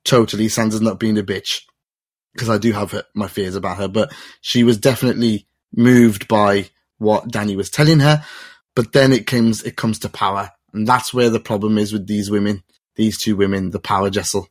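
Guy hosting a tv review chat, rambly and excited, says stuff twice, dry sound. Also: fairly low pitch, moderate pace, no echo. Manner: excitable, rambling, repeats himself. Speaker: host.

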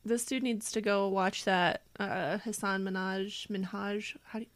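A woman's voice: medium pitch, steady tone, measured pace. A woman co-hosting a podcast, speaking bluntly and matter-of-factly in casual banter. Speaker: podcast co-host.

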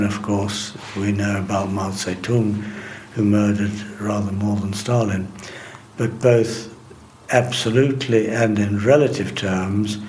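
An older man answering interview questions, telling his memories in a measured, deliberate way with occasional hesitations. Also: on the low side, darkish tone, a little hiss or hum. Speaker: interviewee recalling wartime interpreting.

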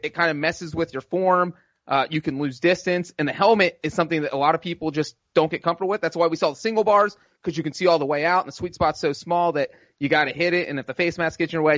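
A man in his thirties co-hosting a sports podcast, explaining things in quick, matter-of-fact runs. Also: fairly high pitch, a bit bright, no echo, lo-fi sound. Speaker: podcast co-host. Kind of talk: casual sports podcast chat.

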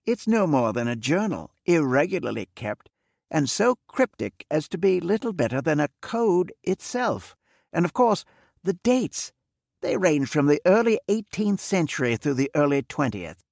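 A man reading the part of a wealthy, reserved middle-aged man who speaks in a measured, formal way. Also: on the high side, very animated, gravelly, darkish tone, dry recording, studio quality, voice pushed up, full character voice. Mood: earnest. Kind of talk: audiobook character reading.

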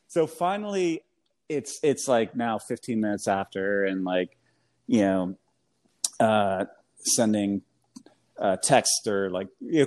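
An American man from New England, in his thirties, telling a rambling story in casual chat, full of fillers and laughs. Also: fairly low pitch. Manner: rambling, animated, heavy fillers, laughs often. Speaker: guest.

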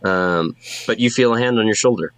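A man narrating as game master in a halting way, with many fillers. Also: fairly low pitch, a bit bright, clean tone, dry recording.

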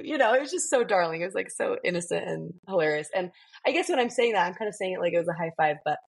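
A woman in her thirties with a soft, breathy voice tells a story on a parenting podcast. She rambles and giggles, filling her talk with "like" and "you know.". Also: lowish voice, lively intonation, racing. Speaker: podcast co-host. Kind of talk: casual parenting podcast chat.

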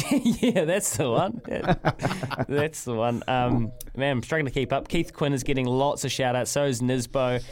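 A man with a New Zealand accent hosting a live sports talkback radio show, chatty and upbeat. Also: medium pitch. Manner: chatty and upbeat, quick laughs.

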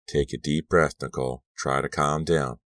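Man doing a soft-spoken sinister teen boy, murmuring, very deep, dry. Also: fairly even intonation, normal speed, dry recording. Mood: soothing. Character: calm teenage boy, cold and sinister.

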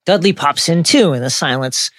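A man co-hosting a book discussion podcast, retelling chapters in a wry, lively way. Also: on the high side, normal speed, dry recording, studio quality. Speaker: podcast co-host.

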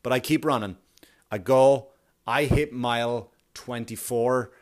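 Profane, animated male storyteller. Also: medium pitch, unhurried. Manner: profane, animated, self-mocking. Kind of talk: casual storytelling monologue.

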